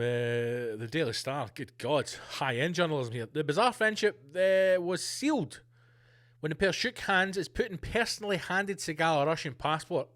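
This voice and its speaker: Male comedy podcast host, high-voiced, loud and profane ranting. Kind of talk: comedic rant.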